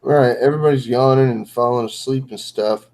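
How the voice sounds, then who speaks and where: A man's voice: mid-range voice, steady tone, brisk, crowd noise, poor audio. A man chatting casually on a late-night livestream, rambling and poking fun at himself with lots of fillers. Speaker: co-host of a livestream.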